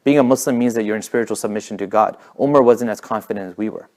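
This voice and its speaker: A young man telling a religious story in a casual, animated way, with many fillers and restarts. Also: on the low side, very fast. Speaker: speaker at a community talk.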